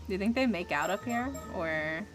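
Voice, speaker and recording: A woman's voice: mid-range voice, animated, normal speed, music in the background, rough recording. A young woman streaming a horror game, reading the narration and gushing casually between lines. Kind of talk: reading a game aloud with comments.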